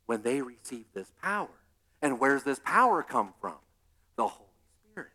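A male pastor preaching a sermon in an animated way, acting out scenes with humor. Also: mid-range voice, normal speed.

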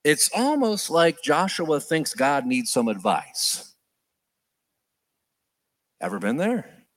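Preaching slowly but with great animation, a man dramatizes the prayers he quotes, his voice rising and falling sharply in pitch and loudness.

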